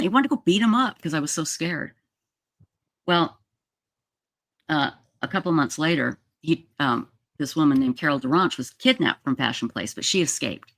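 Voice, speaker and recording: A woman's voice: low voice, animated, moderate pace, a bit bright, no echo, clean studio sound. A woman in her sixties from Utah, telling a long personal story on a livestream in a chatty, rambling way, full of restarts. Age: 60s. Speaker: livestream host. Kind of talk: casual storytelling. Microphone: streaming setup mic.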